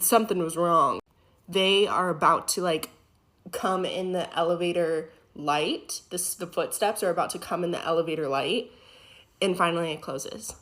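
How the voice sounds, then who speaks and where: A woman's voice: fairly low pitch, moderate pace. A young woman, a former EMT, casually retelling a frightening experience with lots of fillers. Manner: animated, filler-heavy retelling. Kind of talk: casual storytelling.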